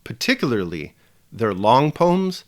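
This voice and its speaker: Guy teaching a lesson, voice rises and falls a lot, measured and emphatic. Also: medium pitch, very animated. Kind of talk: scripted video lesson.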